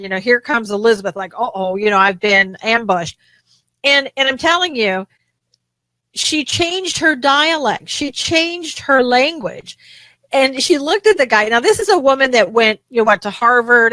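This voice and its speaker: Woman co-host, bright forceful voice, animated and indignant, slightly high, dry close sound. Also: no room sound, poor audio. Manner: animated, indignant, many restarts. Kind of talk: casual political talk show chat.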